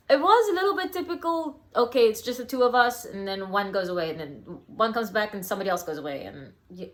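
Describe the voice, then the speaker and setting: A woman's voice: medium pitch, a bit bright. A woman casually reviewing a wrestling event for her vlog, rambling a little with lots of ums and small laughs.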